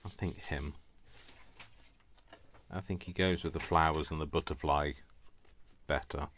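Low-voiced man chatting while crafting. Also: steady tone, unhurried, a bit bright, a little hiss or hum. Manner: rambling, chatty, self-mocking, laughs often. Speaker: crafting video host. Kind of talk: casual chat while crafting.

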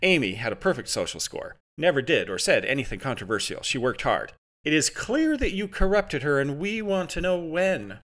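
A man's voice: fairly high pitch, sing-song, moderate pace, a bit bright, voice pushed up. A man voicing an impatient, domineering male interrogator in an audiobook, speaking brusquely and insistently.

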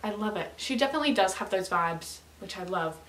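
A woman's voice: mid-range voice, expressive, fairly quick, fairly bright tone. A young woman, chatting casually as she reacts to music, gushing and scattering lots of fillers. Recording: echoey room.

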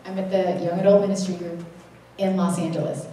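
Animated woman preaching in echoey hall. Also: on the low side, fairly quick, a little hiss or hum. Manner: humorous, animated storytelling, acting out her own quotes. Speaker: conference speaker. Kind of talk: sermon-style testimony. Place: church conference hall. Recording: very echoey hall, mic from a distance.

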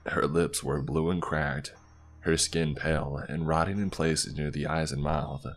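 Super deep voiced guy reading a creepy story, slow and somber, soft music behind. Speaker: horror story narrator. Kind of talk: scripted horror narration. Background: faint background music.

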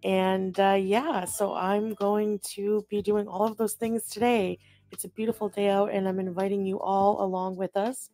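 A woman's voice: medium pitch, level tone, moderate pace, few pauses, mellow, faint music behind. A woman talking to camera in an upbeat, chirpy vlog style. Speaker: vlogger.

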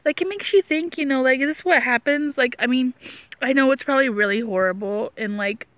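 Young woman vlogger, high voice, dry close sound, rambling and emotional. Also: a little fast, a bit bright, no echo. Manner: rambling, emotional, lots of "like" and "you know". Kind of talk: casual rambling TV review.

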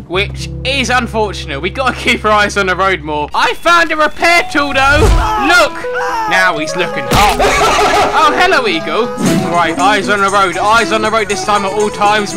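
A young man giving excitable let's-play commentary, yelping and shouting whenever something surprises him. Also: high-pitched. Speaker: gaming commentator.

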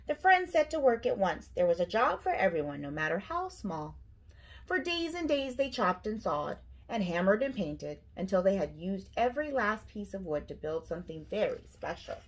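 A middle-aged woman, a school principal, reading a picture book aloud to children with expressive storytelling. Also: mid-range voice, normal speed.

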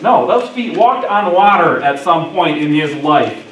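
A man with a high voice preaches a sermon, giving the quoted lines expression as he acts them out. He is recorded from a distance in an echoey church, with faint background noise. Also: animated, moderate pace, dull audio. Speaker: pastor. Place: church sanctuary.

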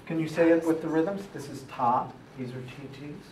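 A man's voice: on the high side, fairly even intonation, recorded from a distance, noisy background. Man leading a music class in an echoey room. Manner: brisk, upbeat, directing a class. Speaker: music education professor. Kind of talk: classroom teaching. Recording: roomy classroom audio from afar.

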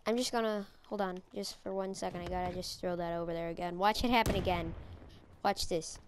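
A woman's voice: lowish voice, fairly even intonation, moderate pace, a little hiss or hum. A woman giving playful, goofy live commentary while playing a shooter game, with silly chants and voices. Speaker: gamer.

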